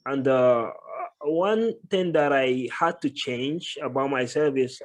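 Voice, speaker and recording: A man of medium pitch speaks as an interview guest over a call mic. He talks in a thoughtful, unhurried way and fills his pauses with "uh" as he builds each point. His tone stays conversational and steady. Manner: thoughtful, many filler pauses. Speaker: guest, tech professional. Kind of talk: casual interview answers.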